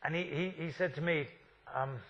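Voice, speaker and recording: A man's voice: on the high side, normal speed, fairly bright tone, dull audio. A man in his fifties giving a university architecture lecture, wry and full of rhetorical questions.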